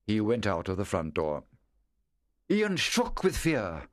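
A man narrating a story in a measured, clear reading voice. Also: lowish voice, huge pitch swings, no room sound, studio quality.

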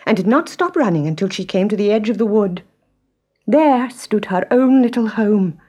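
A woman narrating a children's story in a slow, expressive storyteller manner. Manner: slow, expressive, very lively pitch. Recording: music underneath. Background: instrumental music.

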